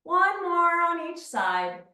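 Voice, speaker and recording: A woman teaching a beginner Pilates class, calmly talking the listener through each movement step by step. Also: extremely high pitch, takes it slowly. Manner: calm step-by-step movement cues. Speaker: Pilates instructor. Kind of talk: guided exercise class. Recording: very echoey room, mic far off.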